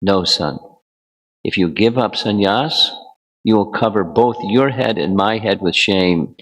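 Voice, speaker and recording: A man's voice: fairly low pitch, measured pace, fairly bright tone, poor audio. A man voicing a dignified cultured mother. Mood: firm.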